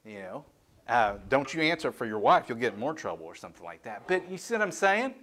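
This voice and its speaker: A man's voice: medium pitch, big pitch swings, fast talker, fairly bright tone. A middle-aged man preaching a sermon in a candid, self-deprecating, conversational way, talking to the congregation like friends. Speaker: pastor.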